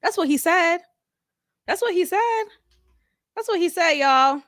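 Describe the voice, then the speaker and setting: A woman's voice: extremely high pitch, measured pace, dry recording, studio quality. A woman hosting a reality TV review, giving casual commentary with lots of jokes, laughter and swearing. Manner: animated and joking, laughs and swears freely. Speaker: host of a reality TV review channel.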